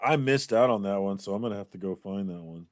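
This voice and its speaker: Laid-back man with a low voice. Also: quick pace, no room sound. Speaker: livestream co-host. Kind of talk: casual chat.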